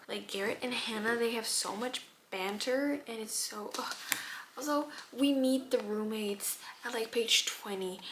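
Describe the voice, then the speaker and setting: A woman in her early twenties talks casually about a book, gushing and animated. Her voice sits mid-range and now and then drops to a near-whisper. A faint background noise runs underneath. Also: mid-range voice, gravelly. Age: 20s. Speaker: booktuber reading vlogger. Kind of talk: casual chat.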